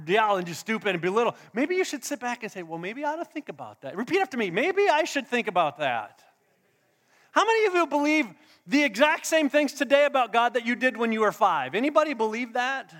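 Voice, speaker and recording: A man with a very high, slightly bright voice preaches as a pastor in a church hall, engaging his congregation through questions and call-and-response. Long hall reverb colors the recording.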